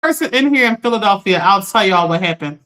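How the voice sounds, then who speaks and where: A woman's voice: mid-range voice, expressive, fast talker, fairly bright tone. A woman hosting a casual coaching livestream, talking straight to her viewers in a chatty, direct way.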